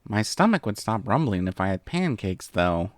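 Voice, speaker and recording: A man's voice: on the low side, big pitch swings, moderate pace, no room sound, clean studio sound. A man voicing a brash tomboyish young female pegasus pony who coaxes and pleads, from a storybook reading. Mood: muttering to self. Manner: cocky, pleading, wheedling.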